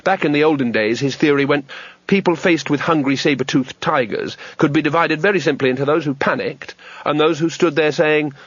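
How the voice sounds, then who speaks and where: A man reading a comic fantasy audiobook in a measured, wry way. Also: fairly high pitch, no room sound. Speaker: audiobook narrator. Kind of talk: scripted narration. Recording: dull, dry lo-fi recording.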